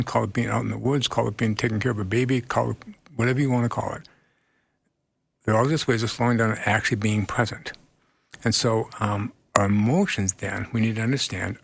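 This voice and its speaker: A man speaking as a guest therapist in a radio interview, earnest and animated, laughing often as he tells stories. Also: lowish voice, vocal fry, breathy edge, no echo.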